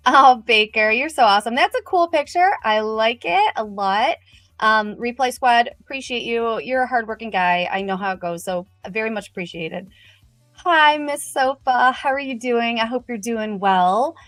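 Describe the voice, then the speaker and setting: A middle-aged woman hosting a casual livestream, upbeat and a little nervous, greeting viewers one by one in quick, chatty bursts. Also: fairly high pitch, a bit bright, no echo. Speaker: livestream host.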